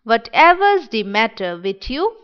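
A woman reading the part of a kind young village girl in a play reading, speaking kindly with a hurried manner. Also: a little high, very animated, clean tone, muffled recording.

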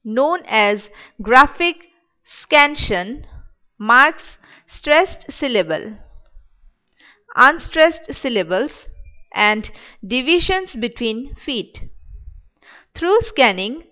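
A woman reads a lesson aloud very slowly and deliberately, stopping to spell out terms letter by letter. Her voice is smooth, clear and on the high side. The recording sounds dull and lo-fi. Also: big pitch swings, bright, forceful tone. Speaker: teacher. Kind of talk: slow read-aloud lesson.

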